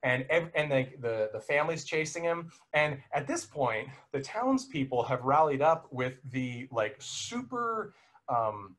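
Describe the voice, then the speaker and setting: A man's voice: mid-range voice, expressive, a little slow, fairly bright tone. A young man recapping a film in a casual podcast chat, rambling and self-correcting, laughing now and then.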